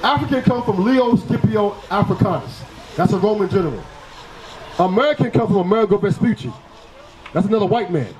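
A man preaching on a city street, forceful and confrontational, firing rhetorical questions at passersby. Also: sits high, lively intonation, fairly quick, reverberant, low-quality recording. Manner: forceful, fires rhetorical questions, repeats "right?".

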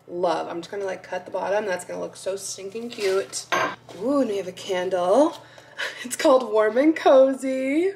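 A young woman vlogging casually at home, gushing and excitable, sometimes dropping to a soft voice. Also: mid-range voice, normal speed, vocal fry. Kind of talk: casual vlog chat. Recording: faint background noise.

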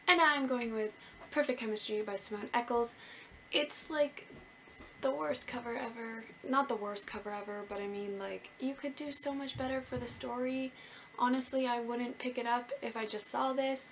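Young woman from Canada, book vlogger, high-ish voice, bubbly and self-mocking, faint hiss on the recording. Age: young adult. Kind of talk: casual chat to camera.

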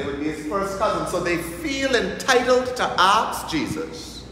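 A man's voice: high voice, big pitch swings, a little slow, few pauses. A male priest with a Bahamian accent preaching a sermon, joking and using local vernacular. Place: church. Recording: echoey church hall, faint noise.

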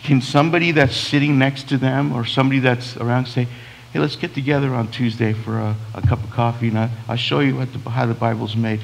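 Male pastor, conversational sermon, gravelly, long reverb of a church hall. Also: mid-range voice, steady tone, a little fast, a little hiss or hum. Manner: conversational, with many restarts and quoted asides. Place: church sanctuary.

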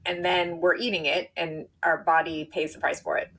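A woman guest in a conversational interview, telling her story in a lively way with restarts and laughs. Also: fairly low pitch. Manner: animated, quick, with laughs and restarts.

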